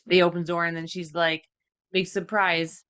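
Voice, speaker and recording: A woman's voice: fairly low pitch, completely flat delivery, quick pace, fairly bright tone, clean tone. A woman co-hosting a podcast in casual chat, rambling and giggling as she guesses her way through a plot. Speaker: podcast co-host.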